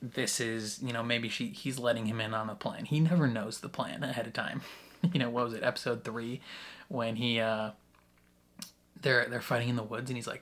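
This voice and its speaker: Excitable man laughing through his reactions. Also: medium pitch, moderate pace. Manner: excitable, laughs often between thoughts; rambling with many restarts and fillers. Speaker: YouTube reaction host. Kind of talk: casual reaction commentary.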